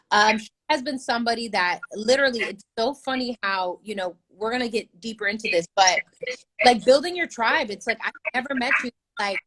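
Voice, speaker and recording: A woman's voice: fairly high pitch, sharp tone, low-quality recording. A woman in her thirties from the United States, hosting a casual chat show in a chatty, profane manner. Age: 30s. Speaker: podcast host.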